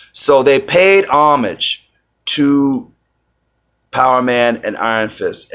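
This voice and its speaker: A man's voice: medium pitch, fairly bright tone. A man giving a casual spoken review, rambling with many fillers and restarts. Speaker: video reviewer.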